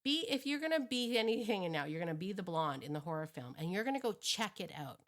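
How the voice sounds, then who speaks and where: A woman dog trainer talking through a lesson in a casual, animated way, laughing often and restarting her sentences. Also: mid-range voice, fast. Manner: animated, acts out inner thoughts, laughs often; frequent restarts and repeated words. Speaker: dog trainer, show host. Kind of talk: casual teaching monologue.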